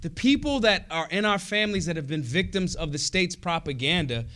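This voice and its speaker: A man speaking at a convention hall with a bright, high, wildly swinging voice. He curses freely and punches his points hard, then drops into quiet asides. The delivery is a rousing political speech. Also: lively intonation, brisk. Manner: profane, emphatic, swings between shouts and low asides.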